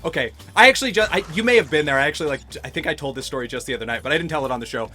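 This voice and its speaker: A man co-hosting a gaming podcast, talking in a rambling, animated way and laughing often. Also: a little high, rapid-fire, soft background music. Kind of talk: casual chat while playing a game.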